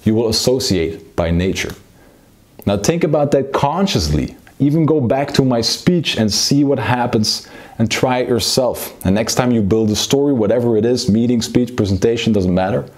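Here a male speaking coach from Belgium demonstrates technique during a public speaking class. He shifts from slow and low to fast and excited to show how each sounds.

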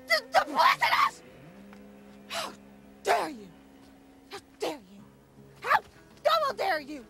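A high, whiny belle. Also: female voice, very noisy, exaggerated voice. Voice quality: whiny, girlish, flies into dramatic outbursts. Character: young Southern woman, flighty, touchy, dramatic. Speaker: actress. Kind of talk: comedy sketch acting.

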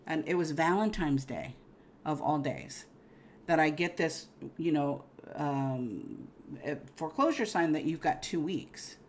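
A woman, speaking in a low, deep register. She tells her story with a candid, emphatic style, swears casually and often laughs. A faint background noise sits under her voice. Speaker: interview guest.

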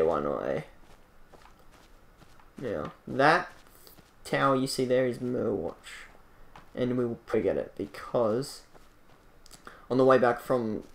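Excitable, slow-talking gaming man. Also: medium pitch, gravelly. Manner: excitable, jokey, with loud bursts. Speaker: gaming channel host. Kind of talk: casual gameplay commentary. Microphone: desk microphone.

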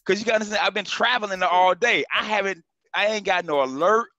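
A middle-aged man, a comedian from North Carolina, telling a story in a casual interview in an animated, slangy way and acting out the other voices. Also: high-pitched, fast talker, dry recording, muffled recording. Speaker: comedian guest.

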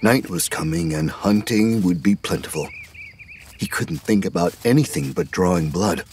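Casting: a male narrator for horror fiction, very low voice, faint noise underneath. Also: normal speed, darkish tone. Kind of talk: scripted audio drama narration.

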